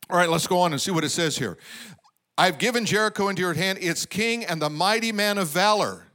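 Preaching man with a lively voice. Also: sits high, a little fast. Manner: preaching with call-and-response asides and acted-out quotes. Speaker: pastor. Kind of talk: sermon.

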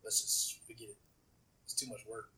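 A man co-hosting a podcast in casual chat, animated, acting out quotes as he talks. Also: mid-range voice, normal speed, low-quality recording. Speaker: podcast co-host.

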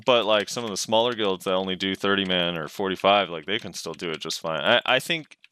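Deep crisp-voiced man, blunt and wry. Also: fairly quick, bright, forceful tone, dry recording. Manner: blunt, wry, swears casually. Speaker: podcast co-host. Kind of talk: casual gaming podcast chat.

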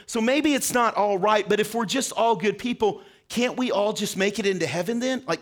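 A man's voice: high voice, a bit bright. A man preaching a short sermon, earnestly asking questions and speaking directly to his listeners. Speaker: pastor.

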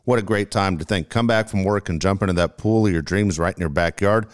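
A man's voice: low voice, a little fast, clear, resonant tone. A man co-hosting a radio show, doing upbeat sponsor reads and repeating phone numbers.

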